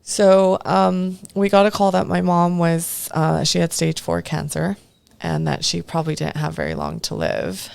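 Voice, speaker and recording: A woman's voice: fairly low pitch, expressive, moderate pace, vocal fry, a little mellow. A woman guest on a podcast, speaking casually and candidly about her past, swearing now and then and acting out what others said. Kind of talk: candid personal storytelling.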